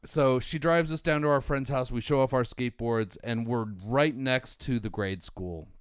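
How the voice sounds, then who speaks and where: A man's voice: mid-range voice, moderate pace, clean tone, no room sound, studio quality. Profane, rambling man in his forties. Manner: rambling, profane, animated anecdote teller. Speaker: podcast co-host. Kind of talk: casual storytelling among friends.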